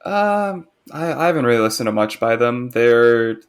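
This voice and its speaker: A man's voice: mid-range voice, sing-song, normal speed, smooth. A man co-hosting a podcast in casual chat, talkative and opinionated, with a teasing edge toward his co-host.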